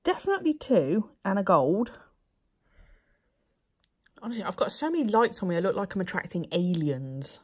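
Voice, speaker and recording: A woman's voice: lowish voice, slightly rough. A woman vlogger in her thirties chatting casually, laughing and sometimes dropping to a whisper. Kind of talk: casual vlog chat.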